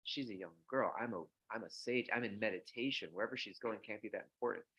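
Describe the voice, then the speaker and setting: A man's voice: fairly low pitch, quick pace, sharp tone, breathy edge. A man teaching a morning scripture class, speaking conversationally and telling anecdotes. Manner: conversational storytelling, acts out voices in anecdotes. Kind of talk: sermon.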